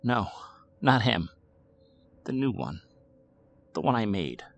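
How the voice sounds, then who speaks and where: A man voicing a quiet, eerie little girl with a dry, croaking voice. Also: lowish voice, big pitch swings, takes it slowly, dry recording, heavily acted.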